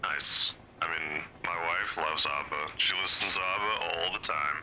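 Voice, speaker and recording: Deep-voiced man on game voice chat. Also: moderate pace, pushed and bright, a little hiss or hum, poor audio. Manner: friendly, chatty. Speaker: fellow player on voice chat.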